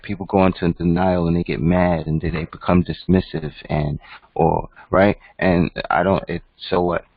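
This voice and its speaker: A man's voice: low-pitched, no room sound. A man teaching an online class in a conversational lecture style, often checking in with "right?". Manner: conversational, keeps asking "right?". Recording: dull, dry lo-fi audio.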